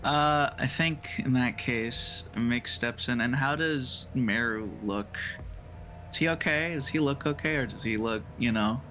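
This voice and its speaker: A man's voice: medium pitch, a little slow, bright, forceful tone, soft background music. A man player on a voice call, chatting casually and joking with the table.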